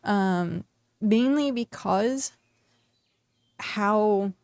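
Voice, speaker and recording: A woman's voice: mid-range voice, very slow, a little mellow, no room sound, studio quality. A woman streamer from the United States chatting casually while she plays, rambling with lots of fillers and restarts. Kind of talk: casual chat while gaming.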